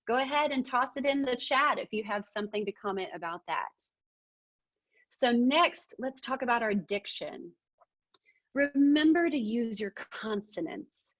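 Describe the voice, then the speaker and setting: A woman from Arkansas, leading a webinar on presentation skills in an energetic, emphatic way. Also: a little high, unhurried, dry recording, dull audio. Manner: energetic, emphatic, demonstrates vocal techniques. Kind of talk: webinar training talk.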